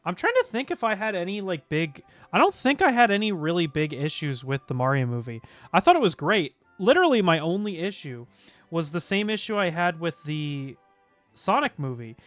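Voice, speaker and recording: A man streaming in a casual, chatty way, getting excited, gasping and humming little tunes. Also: sits high, moderate pace, no echo, soft background music. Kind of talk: casual chat.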